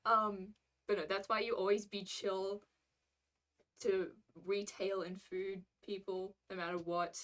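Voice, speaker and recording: A woman's voice: medium pitch, level tone, unhurried, fairly bright tone. A young adult woman streamer chatting casually and reacting to stories, rambling and laughing often.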